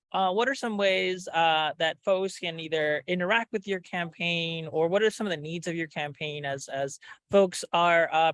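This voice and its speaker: A man's voice: high-pitched, fairly bright tone, no echo. A male interviewer who asks friendly questions, padding them with lots of fillers.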